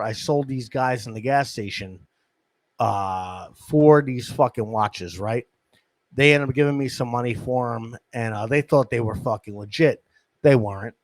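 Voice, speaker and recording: A male podcast host at medium pitch spins a rambling, profane tale of street hustling. It's casual storytelling into a studio mic with no echo.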